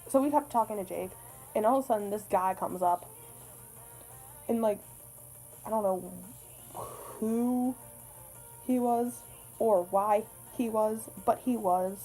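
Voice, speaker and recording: A woman's voice: medium pitch, a little slow, pauses often, dark tone, soft background music, rough recording. Young woman vlogging, rambles, swears a bunch, makes fun of herself, casual chatty storytime. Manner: rambling, swears a lot, self-deprecating.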